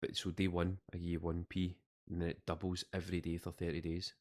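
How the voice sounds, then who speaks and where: A Scottish man with a low, deep voice co-hosts a podcast. He rambles in loose, jokey chat and often trails off mid-sentence. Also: monotone, brisk. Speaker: podcast co-host. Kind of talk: casual chat.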